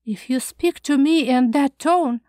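A nervous, fussy older schoolmaster who scolds and fusses in a prim, reproachful tone, his voice pitched high and strained, as a woman reads him in an audiobook. The recording is dry and close, with no room sound. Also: a little slow, warm tone, no echo. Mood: anxious lecturing. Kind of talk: audiobook reading.

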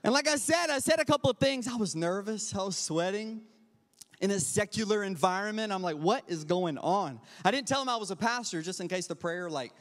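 A young man, a youth pastor, preaching an energetic, story-driven sermon to a church congregation and calling for responses. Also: sits high, fairly quick. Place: church sanctuary. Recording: long hall reverb.

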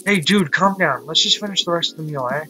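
A man voicing a laid-back young male friend in a visual novel who calms things down. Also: on the high side, fast talker, faint music behind, voice pushed up. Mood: easygoing.

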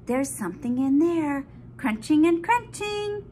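A woman hosting a children's story time, reading a picture book aloud to a baby in a gentle sing-song voice with delighted gasps. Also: high voice, sing-song, unhurried, a little hiss or hum.

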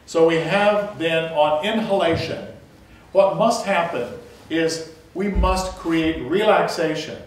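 A man leading a choral workshop, explaining breathing and vocal technique with frequent restarts and light self-deprecating humor. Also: a little high. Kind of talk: hands-on vocal technique lecture. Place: large echoey room, recorded from far off. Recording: very echoey room audio from a distant mic.

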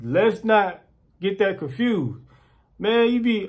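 Man, high voice, casual rant, animated storytelling, repeats words. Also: slow. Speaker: vlogger ranting to camera.

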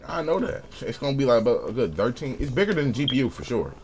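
A man's voice: medium pitch, very animated, quick pace, a little hiss or hum. A young man giving loose, profane, casual commentary while playing a game and talking to other players. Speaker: gaming streamer. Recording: loud gunfire from the game behind the voice. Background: game sounds and gunfire.

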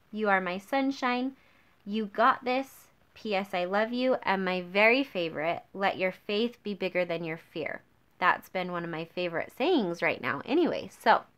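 A woman's voice: medium pitch, a bit bright, clean tone. An upbeat woman demonstrating card making in a tutorial, gushing over her favorite supplies. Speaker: craft demonstrator.

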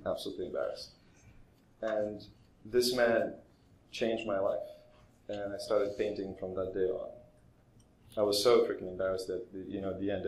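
A man's voice: lowish voice, darkish tone. A man speaking as a guest at an art expo, telling a story casually with many fillers, restarts and self-deprecating humor. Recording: roomy echo with faint ambience.

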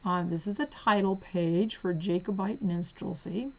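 A woman's voice: fairly low pitch, steady tone, a little slow, dull audio, a little hiss or hum. Chatty, giggly book-haul woman. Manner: chatty, giggly, drifts into soft whispers while reading spines. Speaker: book vlogger. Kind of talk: casual book haul vlog. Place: home.

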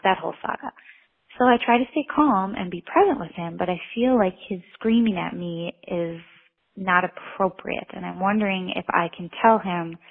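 A woman's voice: lowish voice, a little fast, creaky, husky. A woman in her thirties, a mother of two, calling in to earnestly explain a struggle with her child. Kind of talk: call-in question. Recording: tinny phone line.

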